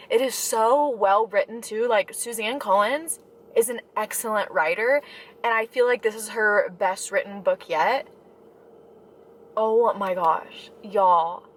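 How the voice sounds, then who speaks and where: A woman's voice: mid-range voice, slight background noise. A young woman, gushing dramatically about a book in a casual reading vlog. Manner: gushing, dramatic, breathless with excitement. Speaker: book vlogger. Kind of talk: excitable reading vlog chat.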